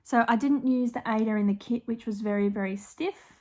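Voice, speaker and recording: A woman's voice: a little high, a little fast, warm tone. An Australian woman chatting casually on her own stitching channel, showing her projects with frequent ums and small apologies. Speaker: cross-stitch vlogger. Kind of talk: casual show-and-tell chat.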